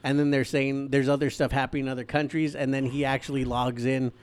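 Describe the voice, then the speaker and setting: Halting man recapping a movie plot. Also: mid-range voice, level tone, crowd noise. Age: adult father. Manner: hesitant, lots of ums and restarts while recapping plot. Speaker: podcast co-host. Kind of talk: casual movie chat.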